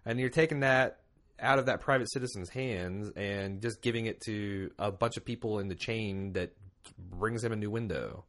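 A man's voice: fairly low pitch, normal speed, a bit bright. Male podcast host, casual banter, rambling and self-deprecating. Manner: rambling, self-mocking, many fillers.

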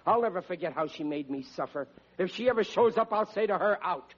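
A man's voice: high-pitched, lively intonation, fast, husky. An actor playing a blustery, melodramatic working-class father in a 1940s radio sitcom. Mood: indignant. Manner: bellowing, melodramatic outbursts. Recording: dull old radio recording.

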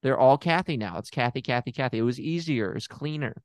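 A man's voice: mid-range voice, fairly quick, no room sound, lightly acted. A man playing a bumbling fake therapist in an improvised scene, hesitant and stammering while confidently explaining nonsense. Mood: deadpan.

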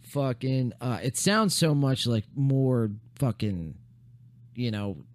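A young man hosts a loose podcast chat, rambling and swearing with plenty of fillers. His voice is wearing thin and hoarse. He sounds close and dry, with no room around him. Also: medium pitch, animated, takes it slowly, a little mellow, no echo. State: losing his voice. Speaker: podcast host.

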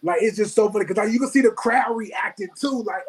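Husky, animated rapper telling a story. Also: male voice, sits high, brisk, low-quality recording. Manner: animated, laughing, repeats himself. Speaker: rapper guest. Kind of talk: casual storytelling chat.

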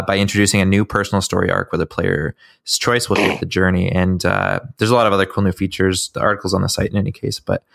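A man's voice: deep voice, vocal fry, fairly bright tone, no echo, studio quality. A man co-hosting a gaming podcast, chatty with stumbling restarts. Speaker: podcast co-host. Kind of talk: casual gaming podcast chat.

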